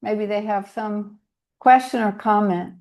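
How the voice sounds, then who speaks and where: A woman joining a devotional video call, making a gentle suggestion. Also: mid-range voice, steady tone, measured pace.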